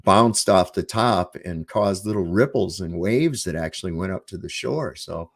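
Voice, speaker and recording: A man with a very low, deep voice hosting a casual livestream. He rambles loosely and swears freely, leaning on plenty of ums and uhs between thoughts. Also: moderate pace. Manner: rambling and profane, with frequent fillers. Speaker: livestream host.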